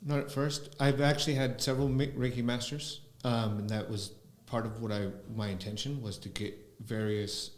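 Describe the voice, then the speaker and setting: A man, a spiritual teacher, talking slowly and reflectively as a podcast guest, often pausing with fillers. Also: medium pitch, flat delivery. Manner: slow, musing, with frequent fillers. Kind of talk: reflective conversational talk. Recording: roomy echo.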